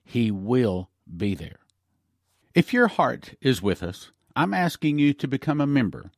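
Male pastor, earnest broadcast reader, mid pitch, dry close studio sound. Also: dry recording. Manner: earnest, reads a story aloud then comments. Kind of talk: radio ministry broadcast.

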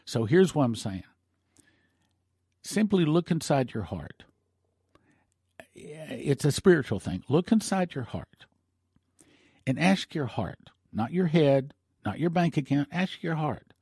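A man's voice: mid-range voice, sing-song, moderate pace, darkish tone, husky, no room sound, studio quality. A man hosting a ministry broadcast, preaching informally and appealing for support, rambling with restarts and emotional asides. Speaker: host of a prophecy ministry broadcast.

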